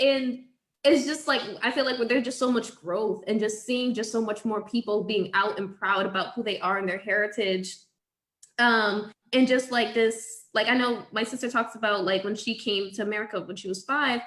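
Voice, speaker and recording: A woman's voice: a little high, normal speed, fairly bright tone, echoey room. A woman who teaches, chatting casually and animatedly, acting out quotes and laughing often. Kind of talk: casual conversation.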